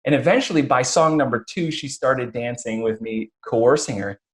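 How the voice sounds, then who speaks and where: A podcast host with a medium-pitched voice at normal speed conducts a conversational interview. He tells stories with frequent restarts and acts out quotes.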